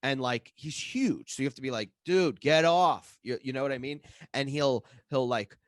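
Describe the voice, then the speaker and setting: A man co-hosting a comedy podcast, telling a profane story with lots of swearing and shouted reenactments. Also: mid-range voice, fairly quick, no room sound, studio quality. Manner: profane, animated, acts out his own yelling. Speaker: podcast co-host.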